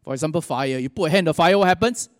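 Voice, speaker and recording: High-voiced pastor preaching. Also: male voice, rapid-fire, studio quality. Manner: conversational, asks the audience questions. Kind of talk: sermon. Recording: long hall reverb.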